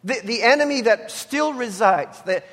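A male pastor with a notably high voice delivers an earnest, emphatic sermon, leaning hard on the words he wants to stick. His voice rings out with a long reverb from a church sanctuary. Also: lively intonation, normal speed, a bit bright. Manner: earnest, emphatic preaching with repeated exhortations.

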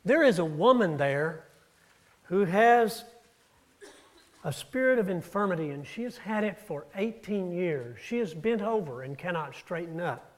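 Male preacher, slightly high voice, storytelling sermon delivery with rises and drops. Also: lively intonation, unhurried. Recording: audio-only church recording.

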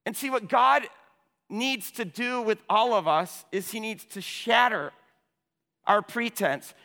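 A man delivering a sermon, pitched a little high and bright in tone. He swings from loud, urgent passages to hushed ones, often repeating a word before pushing on. His voice carries a long reverb, as in a large hall. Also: slow pace. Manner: impassioned, repeats words when starting phrases, swings from loud to hushed. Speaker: pastor.

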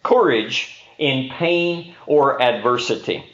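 A man preaching a sermon, telling a lively story with quick, animated delivery and a casual manner. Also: mid-range voice. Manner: animated storyteller, speeds up in action. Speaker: pastor. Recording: roomy, slightly dull sound.

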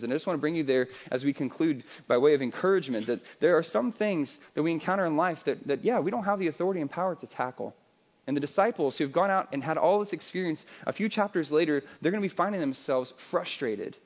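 A male pastor preaching a sermon in a conversational, animated storytelling way. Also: a little high, dull audio.

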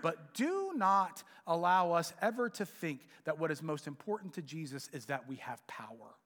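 A middle-aged man preaching a sermon, telling stories with animated swings and dropping to a near whisper on key points. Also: fairly high pitch, normal speed, in a large hall. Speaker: pastor.

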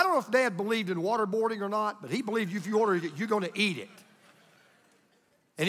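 A man's voice: high-pitched, lively intonation, fast, fairly bright tone, long reverb tail. An older male pastor preaching a sermon with folksy, emphatic storytelling.

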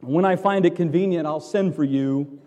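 A man's voice: on the high side, moderate pace, mellow, in a large hall, natural voice. A man voicing a flustered male Roman governor who dismisses a prisoner.

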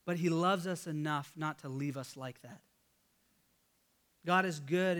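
This pastor, a man in his thirties, has a voice that's strikingly high for a man. His sermon is relaxed and conversational, weaving in a story about his family, with small restarts and fillers tripping him up now and then.

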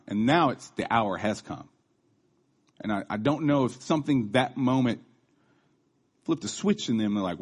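Very animated and a little fast, a preacher in his thirties speaks at medium pitch with a breathy edge. He gives a casual, conversational sermon, chatty with restarts and asides, dramatizing quoted voices.

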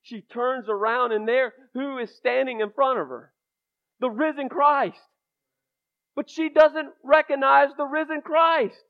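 High, gravelly preacher on thin audio. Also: male voice, fairly even intonation, a little slow. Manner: impassioned, builds from hushed to loud. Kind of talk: sermon. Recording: thin phone-like recording.

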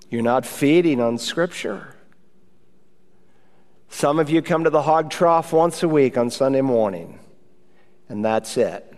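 A male pastor preaches with urgency and emphasis, his voice sitting somewhat high for a man. The sermon rings through a church sanctuary with a long trailing reverb.

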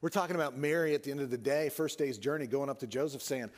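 A man preaching a sermon, telling the story with animated swings and dropping his voice soft for emphasis. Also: medium pitch, fast. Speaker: pastor.

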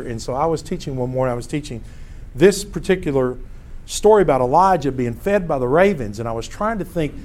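Animated man teaching Bible class. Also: fairly high pitch. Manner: storytelling, animated, self-interrupting. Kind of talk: casual Bible lesson with slides.

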